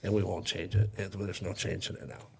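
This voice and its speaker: A man's voice: low-pitched, level tone, a little fast, creaky. A man who is a chef and restaurant owner, talking as a guest in a casual conversation and explaining dishes with enthusiasm.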